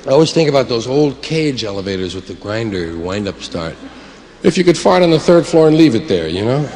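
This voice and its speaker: A man's voice: big pitch swings, fairly quick. A man doing a stand-up routine in a rambling, digressive way, his voice swooping up and down. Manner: rambling, digressive delivery with sudden jumps in pitch. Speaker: stand-up comedian. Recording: reverberant hall with loud ambient noise.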